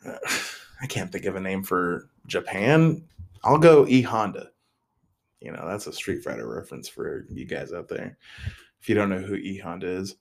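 A young man with a very low, deep voice hosts a casual solo podcast. He rambles freely, jumps between topics and cracks self-deprecating jokes. He often stalls and restarts his sentences, and he sounds a little tired. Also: animated, moderate pace, gravelly. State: mentally tired. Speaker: podcast host.

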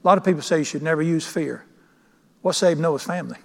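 A man's voice: fairly high pitch, fast, creaky. Man preaching in a reverberant church. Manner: emphatic, asks the congregation questions. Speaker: pastor. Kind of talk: sermon. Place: church sanctuary.

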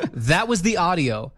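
A man co-hosting a casual podcast chat, animated and jokey, jumping up in pitch for emphasis. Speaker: podcast co-host.

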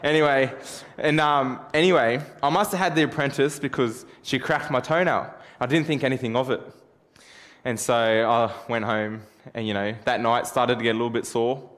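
A man's voice: medium pitch, steady tone, moderate pace, fairly bright tone. A man preaching a sermon through a self-deprecating personal story, chatty and joking.

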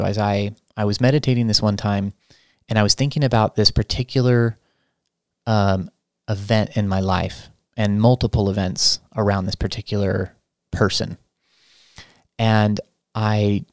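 A man hosting a spiritual podcast, talking in a soft, reflective way with many restarts. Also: fairly low pitch, no room sound, studio quality. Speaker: podcast host. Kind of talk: spiritual teaching talk.

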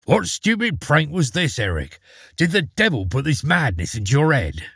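A man reading as a stern father who scolds harshly, his husky voice swinging widely in pitch. The recording is close and dry. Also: very animated, moderate pace, a bit bright, no echo, exaggerated voice. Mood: scolding. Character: angry stern father, ashamed of his son. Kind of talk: storybook reading.

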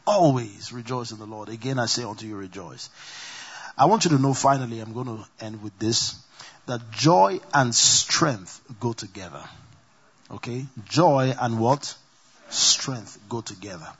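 A man's voice: mid-range voice, husky, muffled recording. A man preaching a sermon as pastor, calling on the congregation to repeat after him and repeating each scripture reference.

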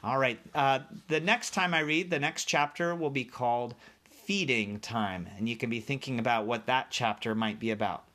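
A man reading a children's book chapter aloud like a teacher, animated and speaking directly to young listeners. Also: medium pitch, moderate pace.

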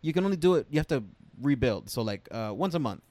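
A man's voice: medium pitch, expressive, fast, mellow. A man trades jokes with two friends on a casual podcast, laughing often and breaking off mid-sentence to restart. The sound is dry, with no room echo. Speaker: podcast co-host. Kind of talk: casual chat.

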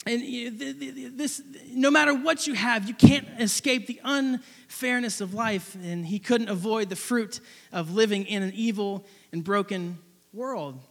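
A young man preaching a sermon, telling a personal story in an animated, rambling way with many restarts. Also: high-pitched, unhurried, big-room sound.

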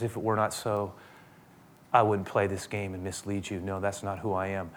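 A man's voice: deep voice, level tone, normal speed, a little hiss or hum. Impassioned male preacher. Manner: fervent, swings between loud and hushed. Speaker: pastor. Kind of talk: sermon.

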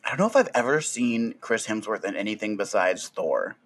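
A man's voice: lowish voice, lively intonation, brisk, fairly bright tone, slightly rough. A man co-hosting a casual podcast, joking and giggly. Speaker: podcast co-host.

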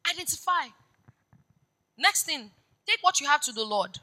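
A woman pastor preaching a sermon. She moves between hushed storytelling and loud, urgent exhortation. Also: high voice, expressive, moderate pace, poor audio.

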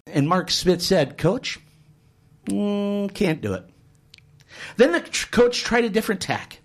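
A man's voice: high voice, unhurried, long pauses. A man hosting a radio talk show, telling an anecdote and joking with his guest in the studio. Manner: animated storyteller, joking. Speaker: radio host. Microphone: studio microphone.

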